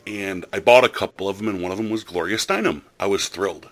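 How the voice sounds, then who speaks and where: A man's voice: low voice, fast, fairly bright tone. A man hosting a podcast in casual chat, chatty and enthusiastic with a rambling way of telling stories. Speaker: podcast host.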